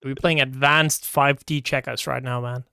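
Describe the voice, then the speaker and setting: A man's voice: medium pitch, steady tone, normal speed, creaky, sharp tone, smooth, no echo. A man co-commentating a fighting game tournament, laid-back and often agreeing with short replies. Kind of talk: casual esports commentary.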